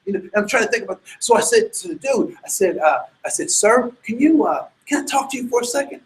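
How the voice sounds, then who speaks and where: A man with a very high voice tells a personal story to an audience. He stumbles over repeated words and restarts, then breaks into loud, excited bursts. His delivery is lively and animated. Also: fast, hardly any pauses, rough recording.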